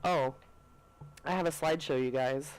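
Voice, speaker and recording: A man's voice: fairly high pitch, normal speed, smooth, poor audio. A man co-hosting a podcast, chatting casually and telling laid-back stories full of swearing. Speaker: podcast co-host. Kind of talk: casual chat.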